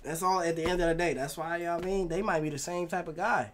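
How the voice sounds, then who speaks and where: A man hosting a basketball reaction video, excitable and full of slang, always asking if you know what he means. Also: on the high side, fast, soft background music. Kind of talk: casual reaction commentary.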